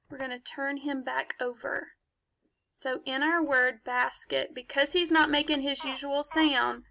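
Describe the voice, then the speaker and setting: A high, sharp-toned female voice leads a phonics lesson for young children, recorded on a laptop mic. Patient and encouraging, she poses questions and supplies the answers herself.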